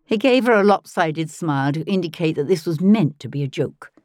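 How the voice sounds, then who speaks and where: Woman reading a first person audiobook, low mellow voice, calm and measured, dry close mic. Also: no room sound. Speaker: audiobook narrator.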